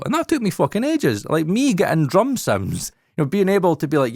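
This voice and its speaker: A man's voice: fairly high pitch, huge pitch swings, fairly quick, few pauses, a little mellow, no room sound, studio quality. Sweary man talking shop. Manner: frank and emphatic, swears often. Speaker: podcast co-host. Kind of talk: casual chat.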